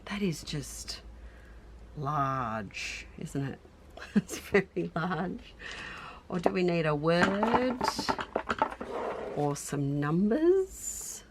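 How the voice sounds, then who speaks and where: A woman's voice: fairly low pitch, noisy background. A middle-aged Australian woman chatting casually to viewers, thinking aloud and amusing herself as she decorates a scrapbook tag at home. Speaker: craft YouTuber. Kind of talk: casual crafting narration.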